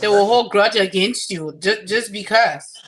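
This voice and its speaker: A woman's voice: medium pitch, a little slow, low-quality recording. A woman on a casual panel discussion, speaking bluntly and matter-of-factly.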